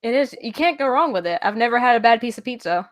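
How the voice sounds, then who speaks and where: A woman with a Southern US accent hosts a casual interview in a fairly high voice. She is friendly and reads out viewer comments as she goes. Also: lively intonation, fast. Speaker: interview host.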